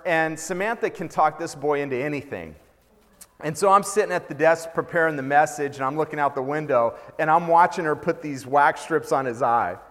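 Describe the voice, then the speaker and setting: A man in his fifties, a pastor, leading a prayer and then preaching with animated, humorous storytelling. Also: fairly high pitch. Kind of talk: sermon. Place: church sanctuary. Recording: long church reverb.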